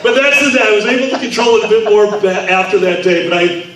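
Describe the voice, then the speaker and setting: A man hosting a live panel, telling stories in an animated way and shouting out the quotes he acts. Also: high-pitched, fast, very noisy. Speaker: podcast host. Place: large convention room. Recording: echoey convention hall, mic far off.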